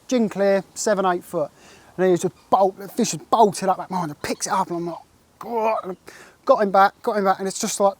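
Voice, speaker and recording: A man, telling an excitable and rambling fishing story in a casual interview, full of "like" and "mate". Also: sits high. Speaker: carp angler recounting a catch.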